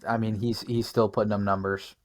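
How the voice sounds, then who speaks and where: Relaxed man with a lowish voice. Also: fairly quick. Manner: relaxed, casual, says dude. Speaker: podcast co-host. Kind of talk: casual sports chat.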